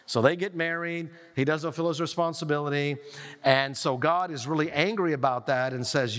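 A man preaching a sermon, retelling a scripture story in a lively way with quoted lines. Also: fairly high pitch, moderate pace. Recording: long reverb of a large hall.

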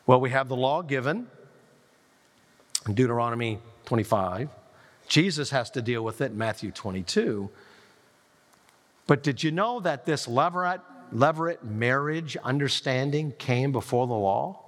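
A man preaching a sermon, retelling a scripture story in a lively way with quoted lines. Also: medium pitch, moderate pace. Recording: long reverb of a large hall.

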